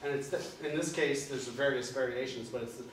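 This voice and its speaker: A man's voice: medium pitch, fairly even intonation, fairly quick, a little hiss or hum. A man in his sixties from New Orleans, coaching a school jazz band, joking and scatting rhythms aloud. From New Orleans, USA. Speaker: band clinician. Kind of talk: jazz band clinic instruction. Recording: echoey room from far off.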